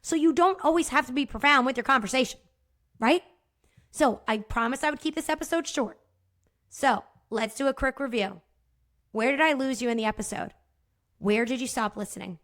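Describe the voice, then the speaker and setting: Woman podcast host, pretty high voice, blunt and casual, swears a bit, keeps saying right?. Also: fairly bright tone. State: choked up at times. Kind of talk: casual solo podcast talk.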